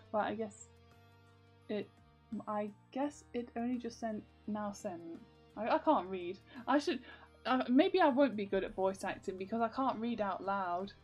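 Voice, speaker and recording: A woman's voice: medium pitch, measured pace, husky, soft background music. A young woman vlogging in casual, rambling chat, full of fillers and giggles.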